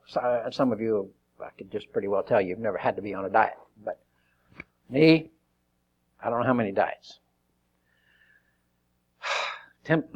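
A man's voice: medium pitch, highs cut off. A male preacher giving a sermon, joking with the congregation and acting out the verses he reads. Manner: lively, joking, acts out quotes.

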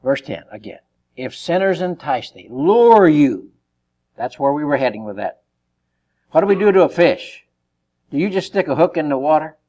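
Guy preaching a sermon, kinda high voice, jokey, acts stuff out. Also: fairly quick. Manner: lively, joking, acts out quotes.

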